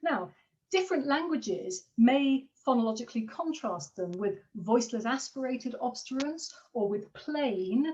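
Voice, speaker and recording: A woman giving an online academic seminar, hesitant, with frequent fillers and quick apologies as she juggles her slides. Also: fairly high pitch, lively intonation, a little mellow, muffled recording. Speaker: linguistics lecturer.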